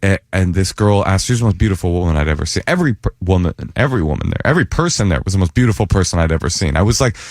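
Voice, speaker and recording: A male comedian telling a long comic story as a guest in a radio studio, animated and jumping high whenever he acts out what people said. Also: rapid-fire, few pauses, dry recording. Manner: animated, jumps up in pitch when acting out quoted voices.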